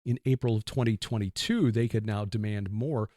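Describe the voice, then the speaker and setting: Male co-host, low voice, measured and halting delivery with fillers, dry studio sound. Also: warm tone, no echo. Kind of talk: casual political chat.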